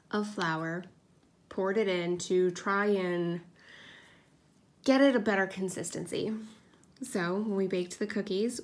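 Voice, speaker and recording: Woman, 30s, craft vlogger: rambling, self-mocking chat, now and then hushed. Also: medium pitch. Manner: chatty, scattered storytelling with self-deprecating laughs; drops to a hush at times, kids asleep nearby. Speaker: craft video host. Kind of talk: casual chat while crafting.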